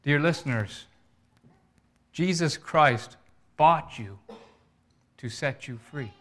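A male preacher with a bright, forceful voice set a little high. He tells his story in an earnest way and pleads with his listeners during the sermon. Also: takes it slowly.

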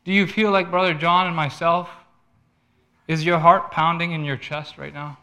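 A man's voice: fairly high pitch, little pitch movement, normal speed, pushed and bright, smooth. A man preaching a sermon, telling a story in an earnest way and making pleading appeals to his listeners.

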